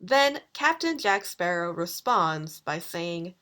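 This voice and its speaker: A woman lecturer giving a recorded video lesson, explaining grammar slowly and deliberately. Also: fairly low pitch, big pitch swings, fairly bright tone. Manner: slow, deliberate explanations with quoted examples. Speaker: university lecturer.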